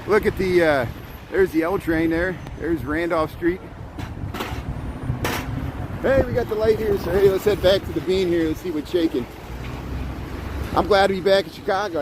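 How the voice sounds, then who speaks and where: A man's voice: a little high, background noise. A middle-aged man chatting casually to viewers on a livestream as he walks city streets in the snow, rambling and often chuckling. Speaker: live-streaming vlogger. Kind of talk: casual walking livestream chat.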